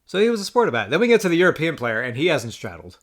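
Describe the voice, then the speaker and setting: Ranting profane man, somewhat high voice. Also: very animated, rapid-fire. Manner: profane and exasperated, stammering restarts. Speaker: poker player vlogger. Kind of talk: ranting storytelling.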